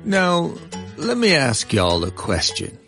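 A man voicing a radio advert, his folksy sales pitch delivered at an unhurried pace. His pitch rises and falls freely across the lines. Clear music plays underneath him. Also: big pitch swings. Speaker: advert voice-over. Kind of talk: scripted radio ad.

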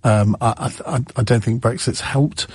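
A man's voice: mid-range voice, normal speed, darkish tone, slightly rough, dry recording. A man hosting a radio phone-in, chatting casually with callers and stumbling over his words with frequent restarts and fillers. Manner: hesitant, many restarts and fillers. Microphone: studio microphone.

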